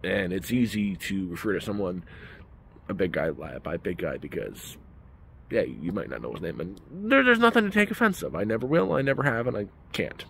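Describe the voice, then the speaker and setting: Low-voiced man ranting with lively swings. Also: brisk, vocal fry, a little hiss or hum. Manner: ranting, emphatic. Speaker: vlogger. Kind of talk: casual storytelling rant.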